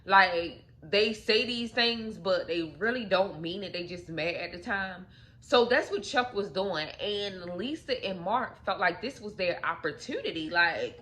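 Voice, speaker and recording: A woman's voice: medium pitch, animated, measured pace, a bit bright. A young adult woman casually retelling a real-life story for her channel, chatty and loose, full of "like" fillers and asides to viewers.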